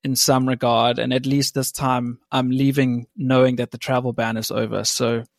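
A young man from England and South Africa, a podcast guest telling stories in a relaxed, laughing way. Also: medium pitch, normal speed, vocal fry, no room sound, studio quality. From born in England, raised in South Africa. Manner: laughing, self-deprecating storytelling. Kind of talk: casual chat.

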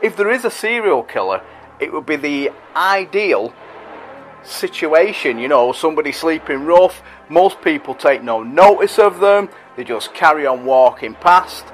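A middle-aged man talks casually and at length as a podcast host. He rambles and pokes fun at himself. His voice sits a little high, and soft music plays faintly behind him. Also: expressive, unhurried. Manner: chatty, rambling, self-deprecating. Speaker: podcast host reading listener messages. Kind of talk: casual monologue.

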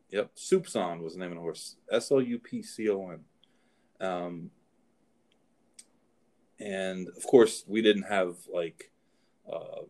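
A man's voice: sits low, a little mellow. A middle-aged man, a show host and horse trainer, telling rambling anecdotes in casual chat. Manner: rambling anecdotes, frequent restarts.

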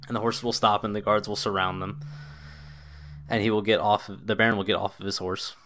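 A man's voice: on the low side, level tone, brisk, a bit bright, a little hiss or hum. A man narrating as game master of a tabletop game, in a loose, descriptive way with lots of casual filler words.

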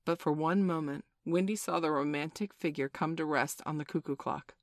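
A woman narrating a classic children's story aloud in a gentle, expressive way. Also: sits low, moderate pace, dry recording, clean studio sound.

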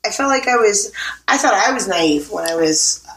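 A woman with a Southern US accent co-hosts a podcast, rambling in a giggly, animated way. Her voice sits at a middle pitch. The hotel suite gives everything a roomy echo. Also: moderate pace, slight background noise. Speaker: podcast co-host. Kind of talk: casual chat. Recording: echoey room.

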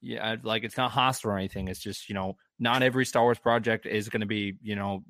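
A man's voice: lowish voice, fairly even intonation, fast talker, a bit bright, no room sound. A man co-hosting a casual fan chat, rambling with many restarts and fillers.

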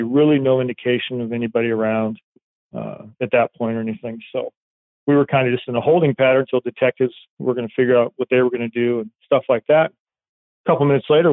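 A police dog handler telling a story in a rambling, casual way, acting out quoted dialogue. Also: male voice, mid-range voice, no echo. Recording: tinny phone-like line, dry.

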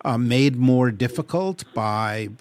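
A man hosting a panel discussion, moderating in a wry, relaxed way. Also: medium pitch, slow pace. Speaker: host.

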